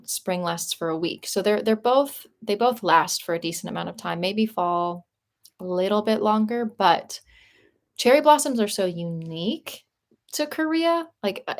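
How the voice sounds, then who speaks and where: A young woman vlogger chatting casually with her live viewers, upbeat and full of fillers and restarts, her throat a little sore. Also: mid-range voice. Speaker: vlogger answering live chat. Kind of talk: casual live-stream chat.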